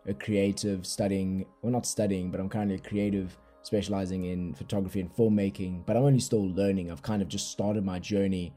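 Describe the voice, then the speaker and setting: A young man with a South African accent, hosting a casual solo podcast from his bedroom in a relaxed, rambling, slangy way, recorded on a laptop microphone. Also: deep voice, fairly quick, hardly any pauses, soft background music. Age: young adult. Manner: laid-back, rambling, slangy. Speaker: podcast host. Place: bedroom at night.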